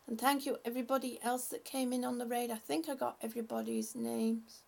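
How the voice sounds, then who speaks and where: A woman hosting a livestream, chatting haltingly and affectionately with her viewers, often restarting her sentences. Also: on the high side, little pitch movement, gravelly. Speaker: livestream host. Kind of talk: casual livestream chat with viewers.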